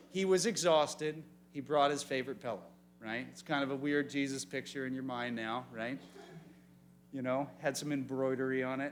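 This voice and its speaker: Youth pastor guy, fairly high voice, animated, keeps asking the kids questions. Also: a little hiss or hum. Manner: animated, talks straight to the teens. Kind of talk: youth sermon. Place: room full of young people.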